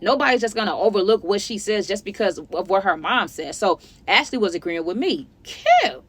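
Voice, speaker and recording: A woman in her twenties telling a personal story to her viewers in a sassy, chatty, animated way. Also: mid-range voice, fairly quick, slightly rough. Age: 20s. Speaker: storytime vlogger.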